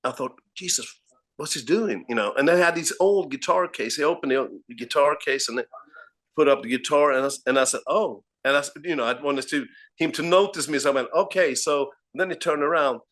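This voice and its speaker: A man with a Swedish accent tells backstage stories in a slightly raised voice, stumbling over his words and breaking into laughter. He speaks over a remote call in a relaxed interview. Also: fairly high pitch, a little fast. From Sweden. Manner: animated anecdotes, frequent restarts, laughs often. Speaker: guest musician. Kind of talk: casual interview storytelling.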